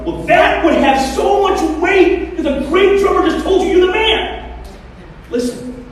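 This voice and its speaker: High-voiced man preaching in an echoing church. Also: normal speed, slight background noise. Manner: conversational, joking, animated storytelling. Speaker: pastor. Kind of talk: sermon. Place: church hall. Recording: echoey hall, mic far off.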